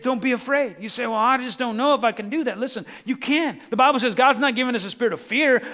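High-pitched preaching pastor in a hall. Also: male voice. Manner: preachy, addresses crowd directly, dramatic swings from loud to hushed. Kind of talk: sermon.

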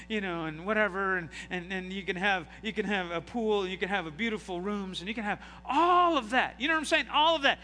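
A middle-aged pastor preaches with a very high, piercing and sharp voice. He talks in animated bursts and asks the congregation question after question. His words carry a long hall reverb over a faint hiss. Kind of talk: sermon. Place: church sanctuary.

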